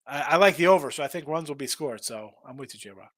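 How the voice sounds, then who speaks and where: A sports betting show host runs a casual live stream, rambling loosely, restarting and repeating words as he reads viewers' messages aloud. His voice is a little high for a man, fairly bright and expressive, and he talks quickly. The sound is close and dry, with almost no room sound.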